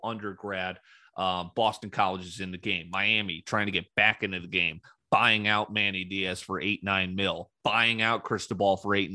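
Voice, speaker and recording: Male sports talk host, low voice, dry close sound, rambling, opinionated, sarcastic. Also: pushed and bright, dry recording. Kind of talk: casual solo sports commentary.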